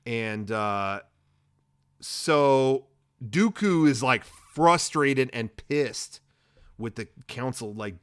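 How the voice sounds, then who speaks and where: A man's voice: mid-range voice, lively intonation, drawn-out words, clear, resonant tone. Rambling, profane man retelling a story. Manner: rambling, profane, slangy retelling with quoted voices. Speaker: podcast host. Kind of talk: casual comedic recap.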